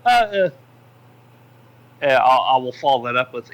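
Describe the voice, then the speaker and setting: A man playing his character in a tabletop game, talking casually and haltingly with many restarts. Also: mid-range voice, sing-song, highs cut off. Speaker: player.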